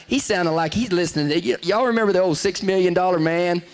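A man's voice: high-pitched, fast, hardly any pauses. A man from Texas, hosting a show and telling stories in a rambling way, often breaking off mid-sentence and laughing at his own stories. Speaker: show host. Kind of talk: casual storytelling.

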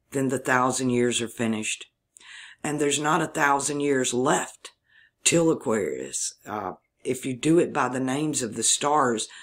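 A man's voice: medium pitch, fairly bright tone. A man from Mississippi with a Southern drawl, talking through a rambling solo monologue, thinking aloud and spelling words out letter by letter. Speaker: video channel host.

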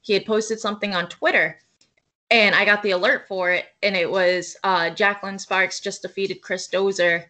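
A young woman wrestler in a casual interview, telling her story in a quick, animated way with acted-out quotes. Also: medium pitch. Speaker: guest wrestler.

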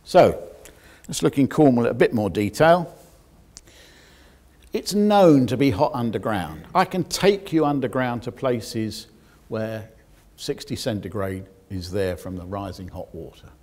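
A geoscientist giving a public lecture, explaining technical details with dry asides to the audience. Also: male voice, mid-range voice, expressive, a little slow, darkish tone.

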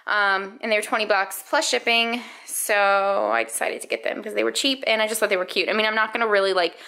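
Bright-voiced chatty young woman vlogging. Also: mid-range voice, steady tone, fairly quick, poor audio. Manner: chatty, filler-heavy, says "like" a lot. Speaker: lifestyle vlogger and young mother. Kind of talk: casual vlog chat to camera. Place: at home.

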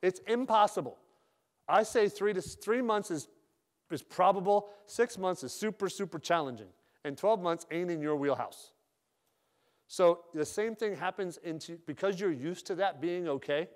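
A man gives a motivational sales talk to a room of loan officers. His voice sits a little high, and he speaks plainly, with slang and dry humor. He comes across as a direct manager who does not mince words. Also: moderate pace. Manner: direct, joking, casual with slang.

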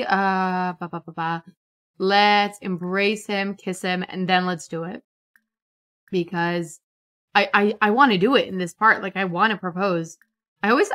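A woman giving casual, chatty commentary over a life-simulation game, excitable and prone to repeating herself. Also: medium pitch. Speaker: gaming YouTuber. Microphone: desktop USB microphone.

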